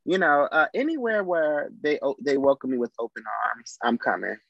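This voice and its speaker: A man from Trinidad and Tobago, a comedian chatting casually as a guest, animated and full of "you know". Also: a little high, moderate pace, no echo, muffled recording. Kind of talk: casual interview chat.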